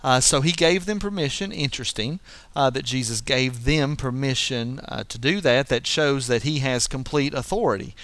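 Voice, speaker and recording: A man's voice: medium pitch, normal speed, fairly bright tone, no room sound. A man giving a verse-by-verse Bible teaching, explaining as he goes and often restarting his sentences. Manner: explanatory, thinking aloud with frequent restarts.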